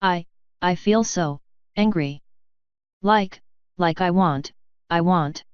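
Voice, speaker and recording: A woman's voice: on the low side, slow, smooth, dry recording, dull audio. A woman voicing a jealous, scheming young changeling princess in a fanfiction audiobook reading. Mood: upset.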